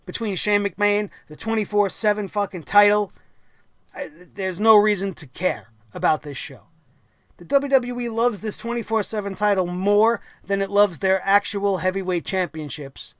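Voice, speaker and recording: A man's voice: high-pitched, moderate pace, clean tone, no room sound, studio quality. A man hosting a wrestling review show, ranting angrily and sarcastically with lots of profanity.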